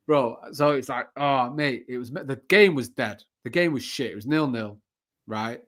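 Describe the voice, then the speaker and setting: A young man with a Mancunian accent talks freely about football, circling back through fillers and restarted phrases. His pitch sits in an ordinary middle male range, and the chat stays loose and candid. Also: normal speed, fairly bright tone. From Manchester, England. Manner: chatty, rambling, frequent fillers and restarts. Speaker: podcast guest, football fan content creator. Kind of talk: casual chat.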